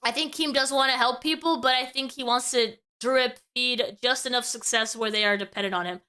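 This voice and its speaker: Bright high-voiced woman commentator. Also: fairly even intonation, brisk, smooth. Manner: talkative, tag questions like "right?". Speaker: streamer reacting to clips. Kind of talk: casual commentary.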